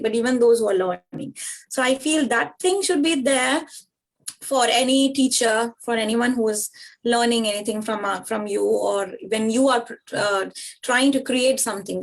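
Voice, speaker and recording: A woman yoga teacher answers an interviewer over a video call. Her voice sits a little high, and she explains earnestly, with many short pauses. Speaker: yoga teacher and studio founder.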